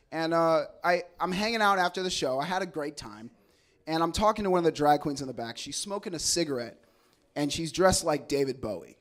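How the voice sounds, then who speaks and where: A man from El Segundo doing a stand-up comedy set, telling stories in a loose, rambling, profane way with lots of stammered restarts. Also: fairly high pitch. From El Segundo, California.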